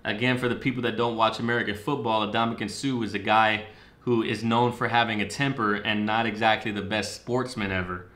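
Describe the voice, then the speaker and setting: Bright-voiced excitable man reacting. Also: on the low side, a little fast. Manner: excitable, profane, breaks down lyrics line by line. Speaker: reaction video host. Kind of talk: casual commentary.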